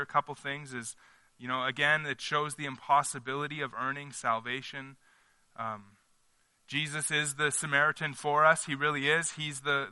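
Bright-toned earnest male preacher. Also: medium pitch, clean tone, no echo. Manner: earnest, emphatic, thinking aloud. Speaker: pastor. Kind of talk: conversational sermon. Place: church service.

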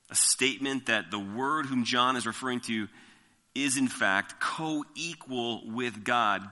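A man preaching an expository sermon, reading scripture slowly and with emphasis, then explaining it verse by verse. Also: mid-range voice, pushed and bright, long reverb tail. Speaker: pastor.

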